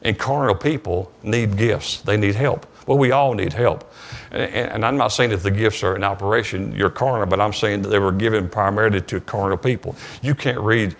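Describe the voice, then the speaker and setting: A man with a Southern US accent preaching a sermon in church, telling a story with many restarts and repeated words. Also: on the low side. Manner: halting, repeats words, retells dialogue. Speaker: pastor. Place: church sanctuary.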